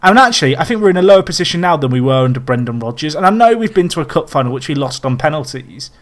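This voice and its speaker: A man from England co-hosting a casual football podcast, talking in an animated, ranting, self-deprecating way. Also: fairly high pitch, rapid-fire. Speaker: podcast co-host.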